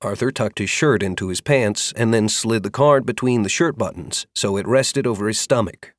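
Man, audiobook narrator, expressive, steady, low voice, dry sound. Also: normal speed, dry recording.

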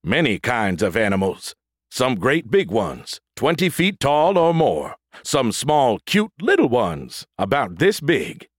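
A man voicing a damaged, stuttering android soldier in a battlesuit with a booming voice, in an audiobook. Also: very animated, dry recording, clean studio sound. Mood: eager booming. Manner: stutters on first sounds, booming, slow drawn-out words. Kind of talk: audiobook character voice.

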